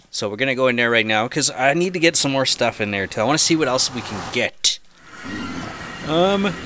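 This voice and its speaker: A man talks through his gameplay in an easy, chatty way, breaking into sudden yelps when things go wrong. His pitch moves about a lot. A clear dripping sound from a home aquarium runs under his voice. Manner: chatty, easily excited, yelps and laughs. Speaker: gaming channel host. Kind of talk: casual gameplay commentary. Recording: noisy home recording, aquarium drip behind. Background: dripping aquarium water.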